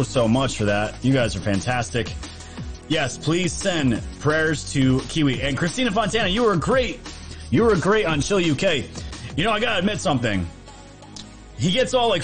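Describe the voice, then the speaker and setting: A man hosting a livestream, casually chatting and thanking viewers for donations with upbeat energy. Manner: upbeat, thanks viewers quickly, lively pitch jumps. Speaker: livestream host.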